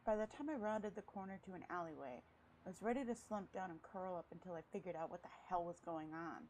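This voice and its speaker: A let's play gamer reads a visual novel aloud in a lowish, slightly mellow female voice, talking fast. The recording is rough with slight background noise, and she tosses in breezy jokes with casual swearing between lines.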